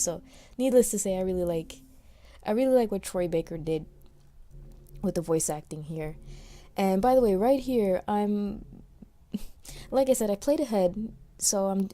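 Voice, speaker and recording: A woman's voice: mid-range voice, warm tone. A woman from New York with a slight New York accent, giving casual, rambling let's play commentary recorded after playing. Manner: chatty, rambling, many restarts and fillers.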